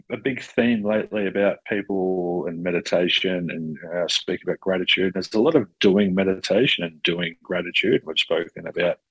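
A man hosting a casual conversation, animated and quick to act out dialogue, often restarting his sentences. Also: low-pitched, no room sound, poor audio. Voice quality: gravelly, husky. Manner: animated, self-interrupting, acts out quoted dialogue, swears casually.

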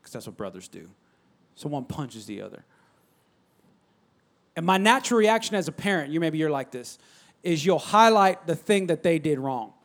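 A man with a high, bright voice preaches with lots of energy. He swings from loud calls to soft near-whispers, constantly prompting his listeners to answer. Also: very animated, moderate pace, pauses often. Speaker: pastor. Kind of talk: sermon.

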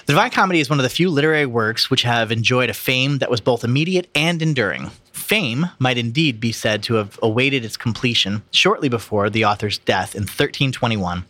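A man with a bright, forceful voice reads a scholarly introduction aloud on a casual podcast. He trips over long words and restarts them, then breaks into swearing and laughter. The sound is dry and close. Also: medium pitch, animated, brisk, few pauses, no room sound. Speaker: podcast host reading aloud.

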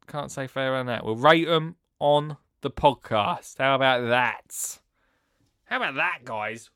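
A man hosting a podcast in a rambling, chatty way, swinging between loud bursts and hushed asides. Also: medium pitch, measured pace, smooth, no room sound, studio quality. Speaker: podcast host. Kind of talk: casual chat.

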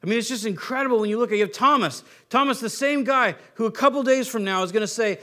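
Male pastor with a high voice, relaxed chatty sermon delivery, slangy and loose. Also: fast talker, hardly any pauses. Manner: relaxed, chatty, with casual slang and many restarts. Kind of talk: casual conversational sermon.

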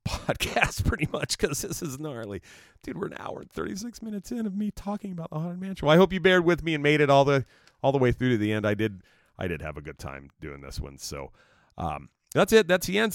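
A man's voice: low-pitched, dry recording, clean studio sound. A man hosting his own podcast, telling a story in a rambling, casual way with lots of fillers and swearing. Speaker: podcast host.

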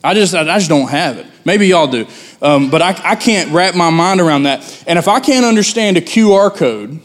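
A man in his thirties preaching as a pastor, his voice sitting a little high for a man. He talks to the congregation in a conversational way and climbs into loud, pleading outbursts as he acts out a prophet's complaint. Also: animated, moderate pace. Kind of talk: sermon.

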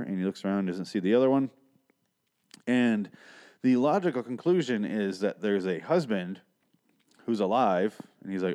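A man's voice: lowish voice, lively intonation, moderate pace, a little mellow. Rambling, profane man recapping an episode. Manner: rambling, profane, argumentative asides. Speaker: podcast host.

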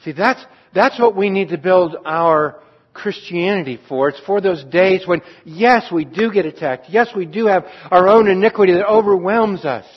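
A man preaching an earnest, reflective sermon on a psalm as a pastor, trailing off softly at times. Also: high-pitched, normal speed, breathy edge. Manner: earnest, reflective, with restarts and soft trailing endings. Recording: dull lo-fi sound.

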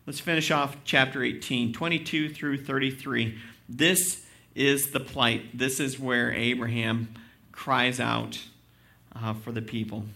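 A man's voice: mid-range voice, gravelly, pushed and bright. A man preaching a sermon, reading scripture aloud with rising emphasis and breaking into conversational asides and questions to his congregation. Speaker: pastor.

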